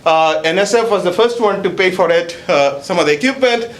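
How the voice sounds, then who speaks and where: A man's voice: high voice, brisk, reverberant. Joking man giving a seminar talk. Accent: non-native accent. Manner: joking, chatty, adds "okay?". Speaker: university researcher presenting. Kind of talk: seminar presentation. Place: seminar hall.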